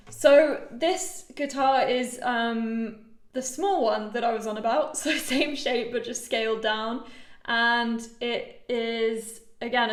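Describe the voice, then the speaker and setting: A woman guitar maker talks excitedly and pokes fun at herself. Her voice sits a little high. The room around her is echoey. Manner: bubbly, excitable and self-mocking. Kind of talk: casual show-and-tell vlog.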